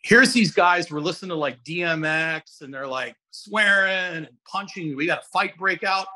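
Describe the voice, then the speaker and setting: A middle-aged man guest-hosting a podcast, telling stories with lively, bright energy. He rambles, restarts his sentences and keeps slipping into other people's voices. His tone stays forceful and clear. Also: sits high, normal speed. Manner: animated storyteller who acts out other people's voices. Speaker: fitness coach and guest host. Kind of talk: casual podcast chat.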